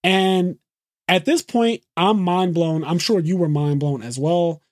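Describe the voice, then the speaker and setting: A man hosting a podcast, excitedly recapping an anime episode in casual, profane, run-on talk. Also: high-pitched, no echo, clean studio sound. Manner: excited, swears freely, rapid run-on retelling. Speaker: podcast host.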